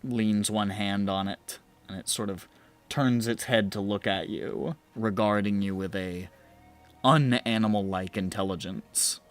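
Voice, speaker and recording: A man's voice: fairly low pitch, steady tone, a little slow, faint music behind. A man narrating a tabletop game as game master, describing scenes in a loose, rambling way. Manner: rambling, many fillers and restarts.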